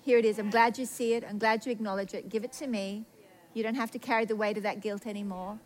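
A woman preacher voicing God as a gentle, reassuring heavenly father, speaking calmly in a lowered, soft tone. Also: quick pace, big-room sound, close to an everyday voice, rough recording.

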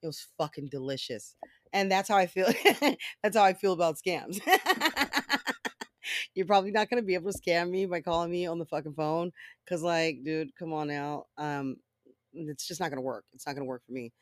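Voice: mid-range voice, normal speed, no echo, studio quality. A podcast host in a casual solo monologue, swearing freely and rambling through stories.

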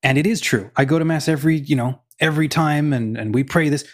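A man co-hosting a faith podcast, telling stories in casual conversation and acting out the quotes inside them. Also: fast. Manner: storytelling, acts out quotes with rising pitch. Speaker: podcast co-host.

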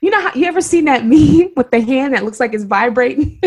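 A woman from Oakland with a Bay Area accent, co-hosting a podcast and telling a story in an emphatic, animated way. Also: sits high, brisk, husky. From Oakland, California. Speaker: podcast co-host. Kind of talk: casual storytelling chat.

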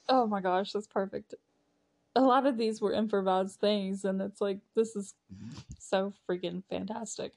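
A woman's voice: medium pitch, darkish tone. A woman hosting a casual movie recap podcast, chatty and laughing, with lots of fillers. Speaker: podcast host.

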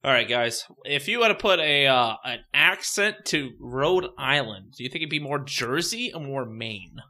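A man's voice: medium pitch, expressive, normal speed, sharp tone. A man co-hosting a casual comedy podcast, reading out articles and joking with friends. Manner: jokey, reads headlines aloud, puts on silly accents.

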